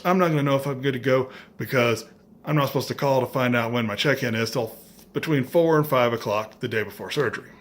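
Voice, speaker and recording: A middle-aged man vlogging, telling a story in a casual, animated way with dry, self-mocking humor and acting out other people's lines. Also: medium pitch.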